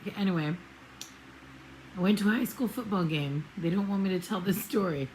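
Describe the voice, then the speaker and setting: A woman's voice: mid-range voice, a little fast, darkish tone, a little hiss or hum, poor audio. A middle-aged woman vlogging casually about her road trip, digressive and self-deprecating, with many fillers and restarts. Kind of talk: casual rambling vlog.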